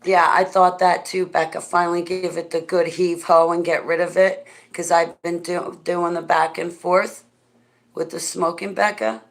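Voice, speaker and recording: Low-voiced woman chatting with her viewers. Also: flat delivery, normal speed, vocal fry. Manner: rambling, laughs often, talks straight to viewers. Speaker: livestreamer answering chat. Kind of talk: casual chat.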